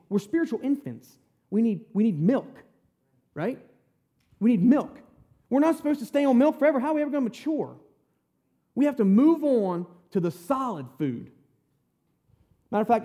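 A man leads a relaxed Bible study into a close microphone. His voice sits high and mellow, and his pitch swings widely as he talks. He often pauses to check in with the people listening. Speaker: Bible teacher. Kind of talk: conversational Bible teaching. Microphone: handheld or stand mic at close range.

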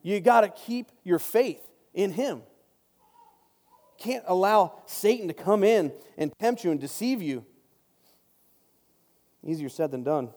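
A man's voice: sits high, expressive, slow pace, pauses often, darkish tone. A man giving a casual Bible study talk, chatty and joking, often breaking off into asides. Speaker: Bible teacher. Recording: long reverb.

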